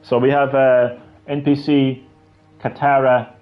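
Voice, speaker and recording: A man's voice: medium pitch, flat delivery, unhurried, phone-quality sound, soft background music. A man live-streaming a video game, with rambling, profane, ranting commentary.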